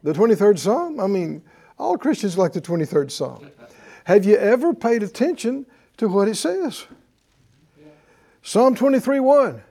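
Male pastor, fairly high mellow voice, emphatic call-and-response sermon in church. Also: very animated, unhurried, gravelly, pauses often. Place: church before a live congregation.

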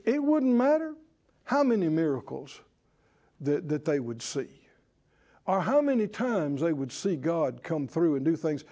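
A man preaching a sermon in a folksy, scolding way, slow and emphatic. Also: a little high, big pitch swings, warm tone.

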